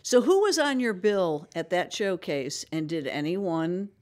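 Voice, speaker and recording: A woman's voice: on the low side, big pitch swings, a little slow, a little mellow. A woman interviewer asking short, conversational follow-up questions.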